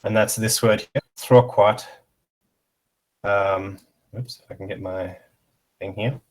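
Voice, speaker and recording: A man giving a casual online pronunciation lesson, explaining slowly with many pauses and fillers while sharing his screen. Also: fairly low pitch, fairly even intonation. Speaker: language teacher.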